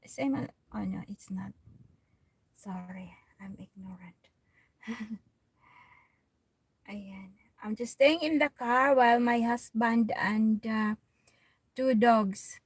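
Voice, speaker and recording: A woman with a Filipino accent chatting on a live stream from inside a parked car, soft-spoken and often dropping to a near whisper. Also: on the high side, no room sound. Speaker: vlogger hosting a live stream. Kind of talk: casual live-stream chat with viewers.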